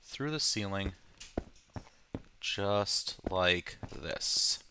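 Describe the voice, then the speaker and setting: A man's voice: deep voice, lively intonation, very slow, sharp tone, slight background noise. A man hosting a let's play, talking through his game with casual, joking, self-deprecating asides. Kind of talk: casual gameplay commentary.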